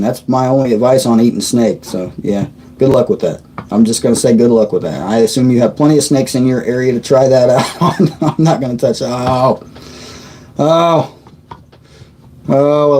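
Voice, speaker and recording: A man's voice: mid-range voice, mellow, slight background noise, rough recording. A man, hosting a casual live stream, joking and laughing as he answers chat comments. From Indiana, USA. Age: 30s. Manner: chatty and joking, laughs often, stumbles and restarts.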